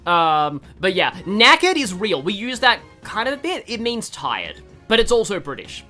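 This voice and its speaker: A streamer with an Australian accent talks through a game in a loose, rambling way, full of fillers and restarts. The voice is bright, and the pitch moves up and down a lot. Faint game music plays in the background. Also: huge pitch swings, normal speed. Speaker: gaming streamer. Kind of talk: casual let's-play commentary.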